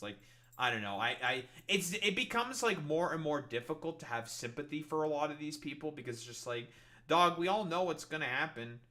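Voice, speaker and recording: A man's voice: a little high, pushed and bright. A man streaming and ranting in casual reaction commentary, swearing and mocking other people's voices.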